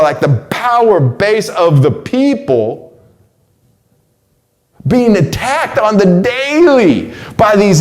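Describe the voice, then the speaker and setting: Slangy man in his forties, rising when excited. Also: sits high. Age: 40s. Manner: slangy, repeats words, voice rises when excited. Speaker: host delivering a weekly message. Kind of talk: casual spoken monologue.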